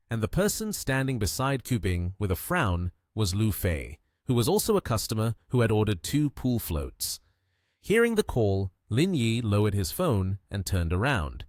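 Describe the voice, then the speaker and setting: Man, manhwa recap narration, reads all characters in one voice, animated pitch, dry sound. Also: no echo. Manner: reads every character in the same plain voice.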